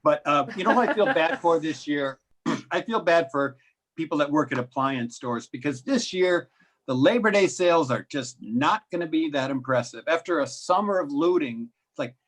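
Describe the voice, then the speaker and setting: A man's voice: fairly high pitch, animated, normal speed. A man doing a stand-up comedy set on a live stream, with wry, self-deprecating delivery.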